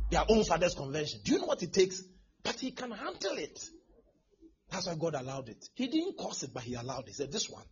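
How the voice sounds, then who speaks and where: A man preaching a sermon as pastor, swinging from hushed asides to shouting. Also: high voice, breathy edge. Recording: dull lo-fi sermon recording.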